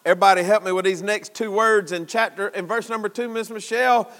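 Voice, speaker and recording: A man preaching a sermon in a church, folksy, at times shouting and at times dropping low. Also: fairly even intonation, fast talker, in a large hall.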